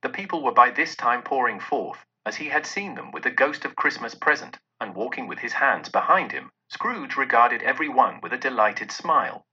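A male narrator reads a classic tale with an animated, rising and falling voice. His tone is very bright with a husky edge. The recording sounds dull and lo-fi. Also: mid-range voice, normal speed, few pauses. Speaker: audiobook narrator. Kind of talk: expressive storybook narration.

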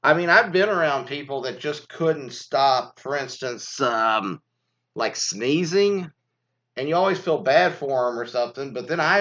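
A man giving a rambling, profane commentary, swinging between loud outbursts and low mutters. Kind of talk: ranting casual commentary. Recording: dull lo-fi recording.

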